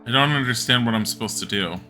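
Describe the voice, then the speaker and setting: A male streamer commentating a game live, thinking aloud and rambling through a story with restarts. His voice is bright and sits at an ordinary pitch, with soft game music behind him. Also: quick pace.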